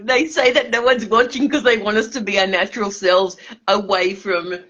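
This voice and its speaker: A woman's voice: medium pitch, steady tone, normal speed, fairly bright tone, lo-fi sound. A drunk woman, rambling and swearing emphatically on a livestream, stumbling over her words.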